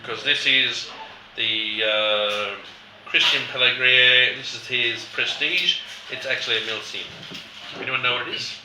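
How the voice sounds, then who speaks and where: A man leading a casual wine tasting chat, animated and acting out quotes in a lively voice. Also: mid-range voice, unhurried, background noise. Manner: animated, acts out quotes with rising voice. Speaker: wine educator host. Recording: roomy, distant mic, faint background.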